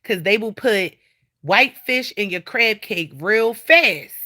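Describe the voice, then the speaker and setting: A woman talks to her livestream viewers from home in a bright, forceful voice. She is animated and blunt, swears freely and speaks right to the people watching. It is recorded on a phone. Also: mid-range voice, takes it slowly. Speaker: livestream host. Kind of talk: casual livestream chat. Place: at home indoors.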